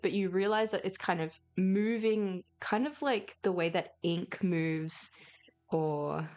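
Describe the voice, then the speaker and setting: A woman's voice: mid-range voice, lively intonation, slow pace, a little mellow. A woman narrating as game master, casual and laughing, often searching for words.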